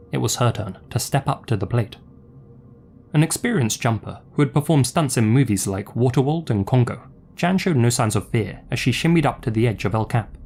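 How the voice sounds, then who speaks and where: A man reading scripted documentary narration in a measured, even storytelling manner. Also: lowish voice, slight background noise. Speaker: narrator of the reacted video.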